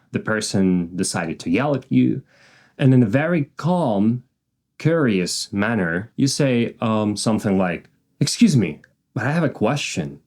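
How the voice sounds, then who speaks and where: Animated low-voiced man coaching. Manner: emphatic, animated, occasionally swears. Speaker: self-help coach. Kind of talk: motivational self-help talk.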